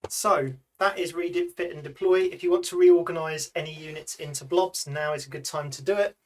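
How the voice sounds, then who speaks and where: A man's voice: on the high side, steady tone, fairly quick. A man at a board game table, patiently explaining the rules step by step to the other players. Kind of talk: casual tabletop playthrough chat.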